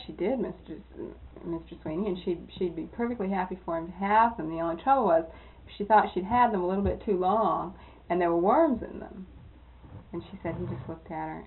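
A woman being interviewed, telling old anecdotes in a lively way that often breaks into laughter. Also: fairly low pitch. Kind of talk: oral history storytelling. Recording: tinny lo-fi tape, phone-like.

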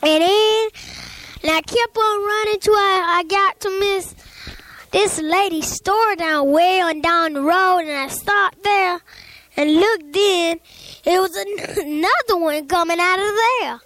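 A child telling a rambling spooky story aloud, full of sound effects and little laughs. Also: female voice, very high voice, a little slow, fairly bright tone.

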